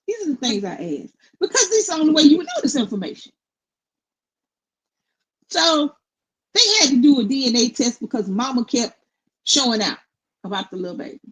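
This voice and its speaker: A middle-aged woman co-hosting casual commentary, blunt and opinionated in a steady, even tone. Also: high voice, fairly quick, pauses often, breathy edge, poor audio. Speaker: co-host.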